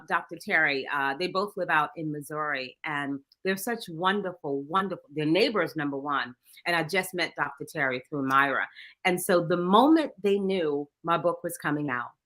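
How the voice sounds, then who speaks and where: A woman author talking in a casual interview, animated and quick to laugh. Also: fairly low pitch. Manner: animated, laughs often, shouts out friends. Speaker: author, guest.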